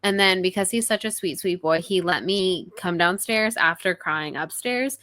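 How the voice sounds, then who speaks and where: A young woman co-hosting a podcast, chatting casually in rambling stories with quick self-deprecating asides. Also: on the low side, fairly bright tone, dry recording. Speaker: podcast co-host.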